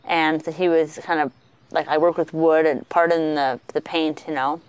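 A woman co-hosting a podcast, telling travel stories in a chatty, animated way with lots of fillers. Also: sits low, moderate pace, smooth, no room sound. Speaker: podcast co-host. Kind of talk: casual travel storytelling.

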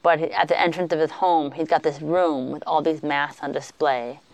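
A woman co-hosting a podcast, telling travel stories in a chatty, animated way with lots of fillers. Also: low voice, moderate pace, no room sound. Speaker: podcast co-host. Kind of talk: casual travel storytelling.

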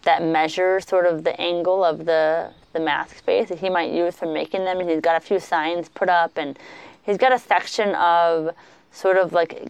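A woman co-hosting a podcast, telling travel stories in a chatty, animated way with lots of fillers. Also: fairly low pitch, clean tone, dry recording. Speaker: podcast co-host. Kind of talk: casual travel storytelling.

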